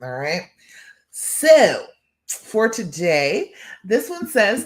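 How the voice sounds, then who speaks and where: A woman's voice: mid-range voice, huge pitch swings, extremely slow. A woman hosting a live coaching stream, talking in an encouraging, emphatic way and often checking in with "all right" and "okay". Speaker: relationship coach and live show host.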